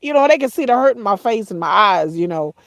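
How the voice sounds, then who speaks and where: A woman's voice: medium pitch, expressive, fairly bright tone, no room sound. Tearful woman telling a painful story. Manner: halting, repeats herself, addresses viewers as y'all. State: tearful, voice breaking at times. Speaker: vlogger. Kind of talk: emotional personal storytelling to viewers.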